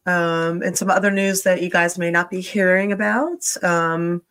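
A woman's voice: on the low side, fairly even intonation, moderate pace, fairly bright tone, clear, resonant tone. A woman hosting a talk show, chatting casually with many fillers and restarts. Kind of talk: casual chat.

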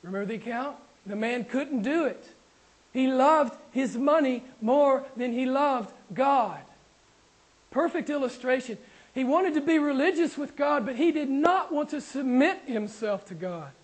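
A man's voice: very high voice, expressive, a little slow, low-quality recording. A man preaching a sermon to his congregation, asking questions and talking with them, while losing his voice. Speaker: pastor.

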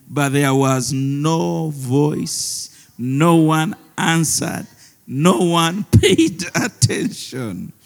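High-voiced pastor, slow and gravelly. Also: male voice. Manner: laughs often, mixes in Luganda phrases. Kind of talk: sermon. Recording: long reverb of a large hall.

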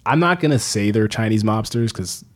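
Husky man telling stories casually. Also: on the low side, normal speed. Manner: animated, swears freely, acts out quotes. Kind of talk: casual chat, storytelling.

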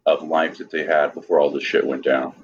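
A man's voice: very deep voice, little pitch movement, brisk, slightly rough. A man with a Southern US accent co-hosting a podcast, casual and playful, swearing freely about comics. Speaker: podcast co-host. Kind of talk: casual comic book discussion. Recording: slightly dull lo-fi sound.

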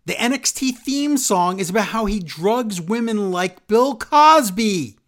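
A man co-hosting a podcast, giving a casual, sarcastic recap of a wrestling show. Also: high voice. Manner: animated, sarcastic, rapid asides. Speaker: podcast co-host.

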